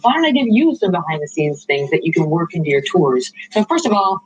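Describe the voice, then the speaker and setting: A woman's voice: fairly low pitch, very animated, fairly quick, highs cut off, background noise. A woman hosting a talk show, touring a studio in a playful, self-mocking way and laughing often. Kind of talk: playful on-location TV segment. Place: TV studio and halls, touring on foot.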